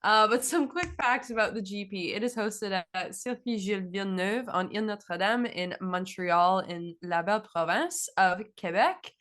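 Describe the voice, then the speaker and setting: A woman's voice: medium pitch, normal speed, few pauses, fairly bright tone. A woman from Canada co-hosting a podcast, chatting in an upbeat way and reading out facts. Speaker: podcast co-host. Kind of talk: casual chat.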